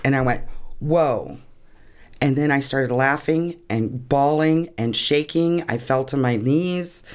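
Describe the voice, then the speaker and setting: A woman recounts a deeply personal experience in an interview, speaking earnestly. Her voice wavers with emotion, close to tears, and laughter often breaks through. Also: slow pace, clear, resonant tone. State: tearing up. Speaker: guest.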